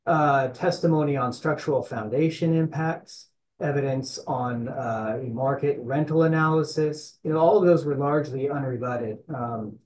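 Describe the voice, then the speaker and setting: A man with a hoarse voice, an attorney making a legal argument at a hearing, hesitant with many fillers and restarts. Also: mid-range voice, normal speed, darkish tone. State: hoarse, coughing from allergies. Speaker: attorney for the applicant. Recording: echoey room, faint background noise.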